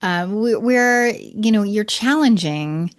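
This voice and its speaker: A woman's voice: mid-range voice, expressive, slow pace. A middle-aged woman hosting a podcast. She interviews her guest in a casual, reflective way and thinks aloud as she talks. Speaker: podcast host.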